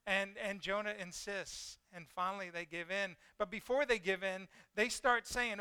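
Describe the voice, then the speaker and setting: A man's voice: high voice, fairly even intonation, normal speed, hardly any pauses, sharp tone, clear, resonant tone, dry recording. A man preaching a conversational sermon, asking his listeners questions and acting out the voices in the story. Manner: conversational, asks the congregation questions, acts out quoted voices.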